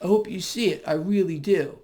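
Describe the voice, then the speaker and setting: A man's voice: sits high, brisk, mellow. A man with a Brooklyn accent giving a fired-up, emphatic market commentary rant to his viewers. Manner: hyped-up, emphatic, swearing.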